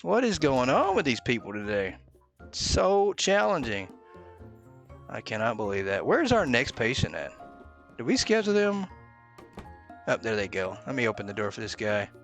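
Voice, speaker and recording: A man's voice: lowish voice, huge pitch swings, a little fast, hardly any pauses, a bit bright, faint music behind. Joking man commentating a game. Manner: joking, mock-blunt, with many "uh"s. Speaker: gaming video host. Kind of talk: casual let's-play commentary.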